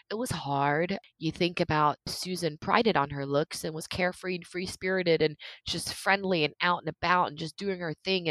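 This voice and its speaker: A woman's voice: low-pitched, fairly bright tone, dry recording. A woman in her thirties telling her own story as an interview guest, earnest and emotional, laughing often. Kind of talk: candid interview conversation.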